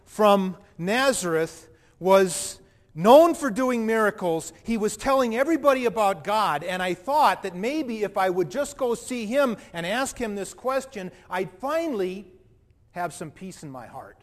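A man acting out a proud, indignant wealthy young man in a dramatic first-person monologue, with animated, defensive delivery and a long hall reverb. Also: high voice, unhurried. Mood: earnest. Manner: animated, defensive, self-righteous.

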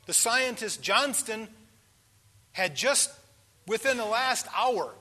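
A man in his sixties preaching a sermon, asking the congregation questions and swinging between hushed pauses and loud emphasis. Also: sits high.

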